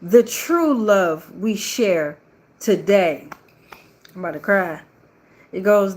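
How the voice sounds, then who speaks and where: Slow-speaking woman giving a spiritual reading. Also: mid-range voice, lively intonation, a little mellow. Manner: slow, drawn-out, affirming delivery with repetitions. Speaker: tarot reader and spiritual channel host. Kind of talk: spiritual tarot reading, casual and affirming.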